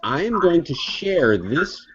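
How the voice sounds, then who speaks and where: Slow, lively-voiced playful man. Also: on the high side. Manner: playful, teasing, giggly. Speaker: co-host. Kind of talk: casual webcast chat. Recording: dull lo-fi audio with faint hiss.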